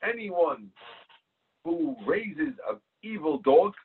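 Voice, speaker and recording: A man's voice: sits high, expressive, takes it slowly, slightly rough. A man teaching a Talmud class. He reads each phrase of the text, translates it, and tells stories to explain it. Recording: tinny phone-like line.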